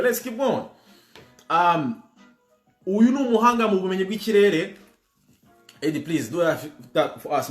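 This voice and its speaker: A man's voice: high-pitched, a bit bright. A man hosting a livestream trivia game, playful and switching languages while greeting viewers by name. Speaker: quiz host. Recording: roomy with music behind.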